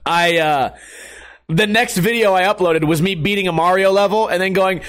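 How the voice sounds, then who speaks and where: A man's voice: high voice, moderate pace, a bit bright. A young man skateboarder ranting to his viewers in a sarcastic, profane, self-mocking way. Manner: sarcastic, profane, laughing at himself. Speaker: skateboarder and online streamer. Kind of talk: casual rant to viewers.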